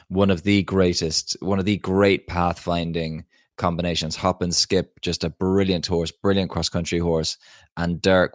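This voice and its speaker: A man's voice: low voice, dry recording, studio quality. A man co-hosting a podcast in casual chat, building his argument with enthusiasm. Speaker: podcast co-host.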